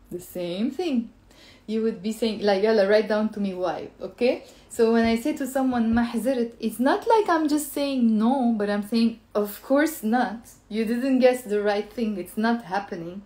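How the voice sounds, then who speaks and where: A woman's voice: on the high side, dark tone. A woman with a Lebanese Arabic accent teaching a live-stream language lesson, playful and chatty, repeating phrases for her viewers.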